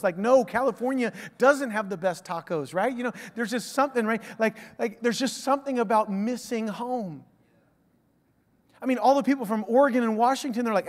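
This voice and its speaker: A man preaching a conversational sermon, swinging from loud emphasis to hushed, drawn-out words. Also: high-pitched, big-room sound. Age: adult father of a young son. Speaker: pastor. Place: church sanctuary. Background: soft instrumental music.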